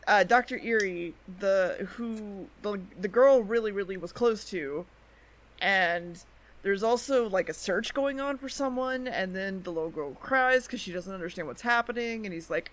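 A woman co-host recaps anime episodes in casual podcast chat. She talks in a loose, chatty way, dropping fillers and quick quoted asides from the characters. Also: mid-range voice.

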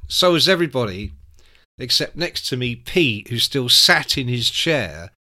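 A man, telling anecdotes as a guest, animated and swearing freely. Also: mid-range voice, measured pace, dry recording, studio quality. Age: 60s. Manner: animated, acts out quoted voices, swears freely. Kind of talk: casual storytelling.

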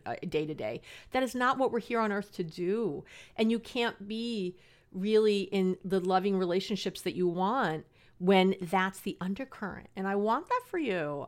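A woman's voice: medium pitch, moderate pace. A middle-aged woman counselor hosting an advice podcast, talking in a chatty, earnest and passionate way and laughing at herself. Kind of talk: casual advice podcast monologue.

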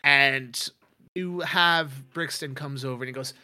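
A man's voice: mid-range voice, measured pace, pushed and bright, dry recording, studio quality. A man narrating a tabletop game as game master, rambling with many fillers.

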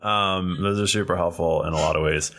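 A tired man hosting a podcast, wrapping up the episode in a relaxed, halting way. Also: low-pitched. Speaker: podcast host. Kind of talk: casual podcast wrap-up.

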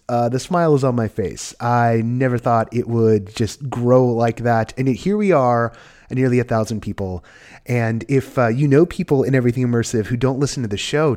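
Male podcast host, animated, rambling delivery, average pitch. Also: moderate pace. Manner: animated, rambling, full of restarts. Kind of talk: casual podcast hosting.

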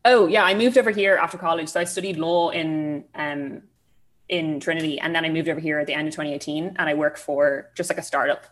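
A woman's voice: deep voice, fairly even intonation, brisk. A young woman in her twenties with an Irish accent, chatting casually as a podcast guest, self-deprecating and full of fillers. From Ireland. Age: 20s.

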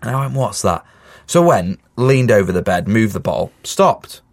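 A man, co-hosting a podcast and telling a story in a jokey, drawn-out way. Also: fairly low pitch, sing-song, vocal fry, no room sound. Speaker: podcast co-host. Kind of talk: casual chat.

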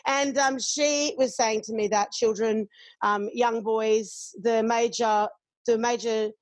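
A high-pitched woman chats openly and laughs easily. She swears without a second thought. The sound is dry and close. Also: fairly even intonation, slow, dry recording. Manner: candid, swears freely, laughs often. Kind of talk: casual chat.

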